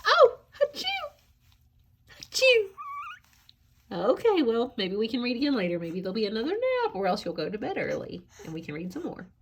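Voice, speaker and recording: A woman's voice: medium pitch, very animated, fast talker, hardly any pauses, a little mellow, a little hiss or hum. Tired, chatty young woman book vlogger. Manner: chatty, self-deprecating, laughs lightly. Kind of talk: casual chat to camera.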